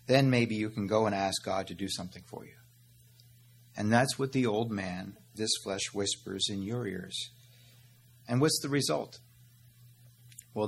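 A man's voice: on the low side, gravelly, a little hiss or hum. A man preaching a sermon as pastor, earnest and direct, calling his listeners "beloved" and "my friend" and asking questions he answers himself.

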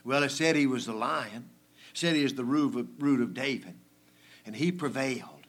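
A man preaching a sermon, his voice sitting at an everyday middle pitch. He talks to the congregation in a folksy, conversational way. His delivery swings between loud emphasis and quiet, hushed asides, with frequent chuckles. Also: normal speed.

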